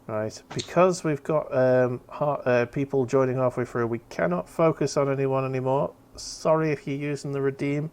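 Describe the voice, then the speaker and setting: A man's voice: mid-range voice, fairly even intonation, normal speed, hardly any pauses, darkish tone, clear, resonant tone. A man hosting a casual painting stream, chatty and loose, swearing now and then and fumbling with his setup. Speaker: stream host. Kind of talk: casual chat while painting.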